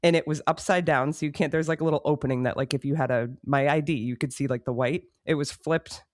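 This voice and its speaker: A woman co-hosting a podcast, telling a story in a lively, self-mocking way and acting out her own past lines. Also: deep voice, quick pace, no echo, studio quality. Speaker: podcast co-host. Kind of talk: casual storytelling chat.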